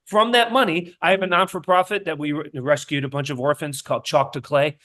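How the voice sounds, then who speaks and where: Emphatic storytelling man, slightly high. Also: steady tone, fairly quick, sharp tone. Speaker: chiropractor, podcast guest. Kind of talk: casual podcast interview.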